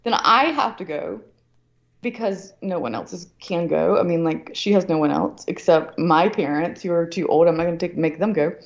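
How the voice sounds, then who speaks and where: A woman's voice: on the low side, moderate pace. A woman telling a family story in a heated, profane way, acting out the other people's words as she goes. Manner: heated, profane, animated retelling with acted quotes. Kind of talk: casual storytelling. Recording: slightly dull lo-fi audio.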